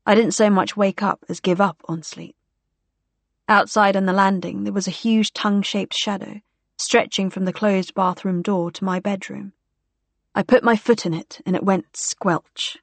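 A woman's voice: medium pitch, steady tone, normal speed, vocal fry, no room sound. A woman narrating a story in the first person, in a wry, dry storytelling manner. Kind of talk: audiobook narration.

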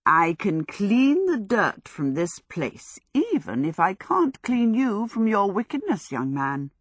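A bossy, pious old woman, firm and prim, as a woman reads her. Her words come slowly and sound close and dry. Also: a little high, very animated, a bit bright, no echo, voice pushed up, full character voice.

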